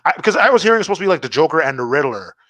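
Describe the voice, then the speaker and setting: Excitable young man, dry close sound. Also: on the high side, very fast, no room sound, highs cut off. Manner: excitable, swearing, laughing often. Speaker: podcast co-host. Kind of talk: casual banter.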